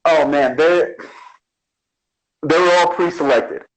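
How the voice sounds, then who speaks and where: This man's voice is a little high and his pace slow, on a low-quality recording. A guest artist from the Bronx, New York, he chats casually in an interview and acts out the quotes in his lively stories.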